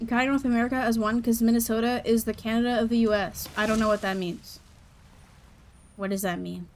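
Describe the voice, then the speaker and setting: A woman's voice: fairly high pitch, steady tone, brisk, darkish tone, a little hiss or hum. A young woman streaming a game, chatting casually, giggling and reacting to chat as she plays. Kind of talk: casual gameplay commentary.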